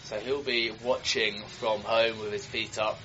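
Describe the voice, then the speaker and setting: A man giving live, joking race commentary that turns into excited shouts at crashes. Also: lowish voice, a little slow, background noise. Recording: dull broadcast audio with crowd behind.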